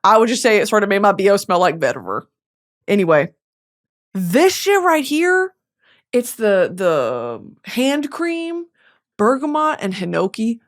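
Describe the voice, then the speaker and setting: A young woman hosts a podcast as a casual comedic monologue, full of swearing, dramatic asides and mock voices. Her mid-range voice has a sing-song quality and a measured pace.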